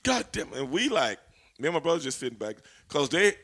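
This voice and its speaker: A man, a former pro wrestler, telling backstage stories in a casual interview, animated and full of profanity. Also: a little high, fast talker. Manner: animated, profane, laughing storyteller.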